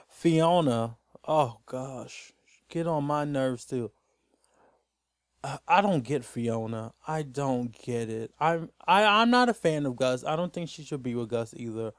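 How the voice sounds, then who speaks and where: A man's voice: mid-range voice, animated, slow pace, smooth, dry recording, clean studio sound. A man giving a casual, rambling TV episode recap as host, sounding exasperated throughout.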